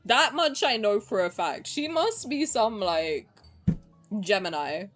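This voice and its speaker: Excitable young woman streamer, lively pitch. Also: takes it slowly, soft background music. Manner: excitable, swearing, laughs often, big pitch swings. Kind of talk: game playthrough commentary.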